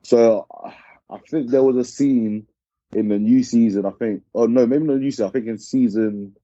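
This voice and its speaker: A man with a South London accent talking in a relaxed, slangy way as a podcast guest. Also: mid-range voice, moderate pace, no room sound, highs cut off. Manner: relaxed, uses slang like "innit". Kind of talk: casual chat.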